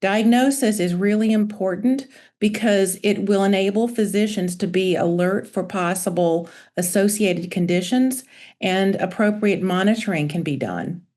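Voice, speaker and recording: A woman pediatrician presenting a medical webinar lecture over a video call in a measured, informative way. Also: mid-range voice, darkish tone. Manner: measured, informative, reading from slides.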